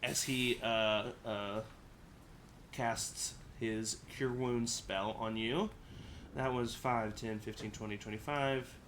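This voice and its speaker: A man's voice: fairly low pitch, fairly even intonation, takes it slowly, a bit bright, slight background noise. A man narrating a tabletop game as game master, casual and laid-back, chuckling often.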